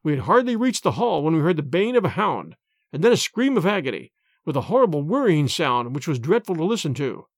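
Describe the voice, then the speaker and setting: A man narrating a classic detective story with expressive, dramatic reading. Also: fairly high pitch, a little fast, no room sound, clean studio sound.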